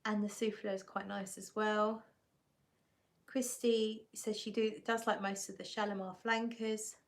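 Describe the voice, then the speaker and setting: A woman's voice: medium pitch, level tone, unhurried, vocal fry. Chatty woman hosting a livestream. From England. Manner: chatty, reads viewer comments aloud and answers them. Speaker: livestream host reviewing perfumes. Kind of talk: casual live chat.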